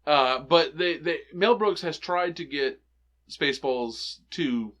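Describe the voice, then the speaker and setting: A man's voice: on the high side, slow pace, fairly bright tone, highs cut off. A man co-hosting a movie podcast in casual chat, eagerly retelling scenes and laughing often. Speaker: podcast co-host.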